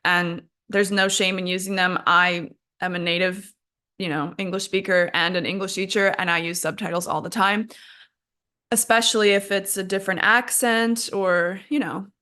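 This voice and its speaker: A woman's voice: mid-range voice, steady tone, normal speed, bright, forceful tone. A young adult woman, an English teacher hosting a podcast, explaining patiently in a chatty, self-deprecating way. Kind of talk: casual podcast lesson.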